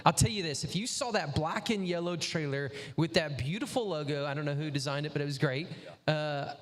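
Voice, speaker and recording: A man's voice: on the high side, a little fast. A man hosting a casual interview chat, enthusiastic and emphatic. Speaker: interview host. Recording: echoey hall.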